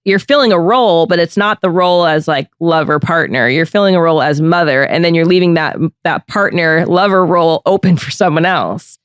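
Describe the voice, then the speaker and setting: A woman hosting a candid podcast chat, with a smooth, resonant voice recorded close and dry. She talks frankly and reflectively, working her thoughts out as she goes. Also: on the low side, a little fast, hardly any pauses, dry recording. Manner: frank, reflective, thinks aloud. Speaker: podcast host.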